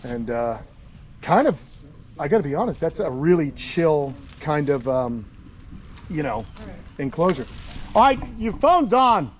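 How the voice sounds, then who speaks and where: A middle-aged man from Long Island hosting a casual vlog outdoors by a tortoise enclosure, rambling and excitable with lots of fillers. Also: on the high side, measured pace, pauses often, a little hiss or hum. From Long Island, New York. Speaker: host, tortoise keeper.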